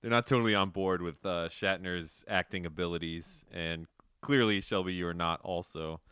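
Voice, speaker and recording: Laid-back male podcast host, smooth voice. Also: low voice, fairly even intonation, moderate pace, fairly bright tone, dry recording, studio quality. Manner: laughs often, trails off mid-sentence. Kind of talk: casual chat.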